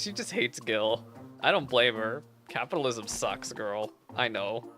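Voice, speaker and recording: A man streaming a video game, reacting out loud with animated, mock-outraged commentary and frequent laughter. His voice is bright and forceful, with faint guitar music playing underneath. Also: mid-range voice, a little slow.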